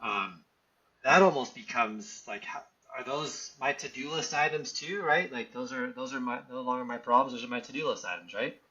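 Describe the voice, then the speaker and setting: A male podcast host asking casual, rambling questions and reacting with quick approval. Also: mid-range voice, sharp tone. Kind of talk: conversational interview. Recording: dull lo-fi audio.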